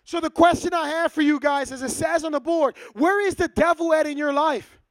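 High-voiced man preaching a sermon. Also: brisk, dry recording. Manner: casual, acts out little dialogues. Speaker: pastor.

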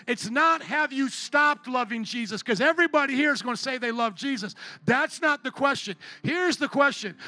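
A pastor preaching in church, a man with a high, bright and forceful voice. He swings from near-shouts to hushed, low lines as he presses his point, and the sound is close and dry. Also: expressive, normal speed, no room sound. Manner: impassioned preaching, rising to shouts and dropping low. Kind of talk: sermon. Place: church sanctuary.

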